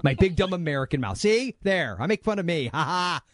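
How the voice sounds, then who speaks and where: A man's voice: on the high side, lively intonation, brisk, a little hiss or hum. A man hosting a movie podcast, joking around and poking fun at himself. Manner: joking, self-mocking. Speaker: podcast host. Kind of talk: casual podcast banter.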